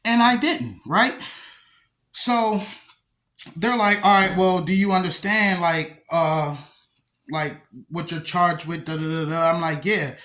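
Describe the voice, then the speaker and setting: A man's voice: high-pitched, slow. A young man casually telling a story from his own life, profane and streetwise, acting out the dialogue as he goes. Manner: profane, streetwise, animated retelling with acted-out dialogue.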